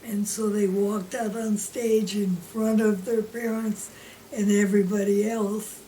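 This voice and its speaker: A woman slowly recalling preschool memories in an interview, gentle and sometimes trailing into a near whisper. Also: medium pitch, level tone. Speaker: former preschool teacher, interviewee. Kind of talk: reminiscing interview. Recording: distant mic with faint background noise.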